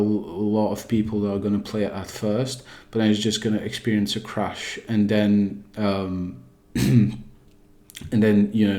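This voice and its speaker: A man with a somewhat low voice talks casually over gameplay footage in a put-on British accent. He rambles and hesitates, restarting his sentences as he works through his point. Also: darkish tone. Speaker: gaming YouTuber.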